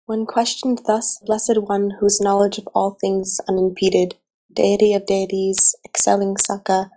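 A woman in a study group reading a passage aloud at a steady, even pace. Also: mid-range voice, poor audio.

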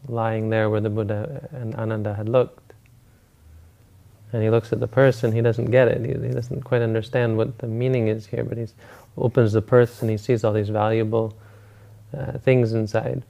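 A man, a Buddhist teacher, retelling a teaching story in a relaxed, conversational dharma talk. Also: on the low side, normal speed, creaky.

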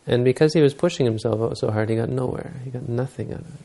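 A man's voice: mid-range voice, quick pace, creaky, mellow. A man giving a Buddhist dharma talk, telling stories and explaining teachings unhurriedly, using Pali terms.

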